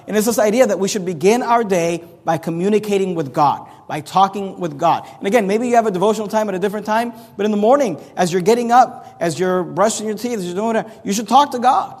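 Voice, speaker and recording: Speaking quickly with hardly any pauses, a male pastor teaches a sermon in an earnest, plain-spoken way, often starting phrases over. His slightly higher-than-average voice is a little mellow and echoes with the long reverb of a large hall.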